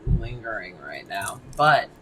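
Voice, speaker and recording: Slow, laid-back man from Massachusetts. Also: fairly low pitch, sing-song, a bit bright, a little hiss or hum, poor audio. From Massachusetts, near Boston. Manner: laid-back, slangy, swears, laughs often. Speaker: podcast co-host. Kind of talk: casual chat.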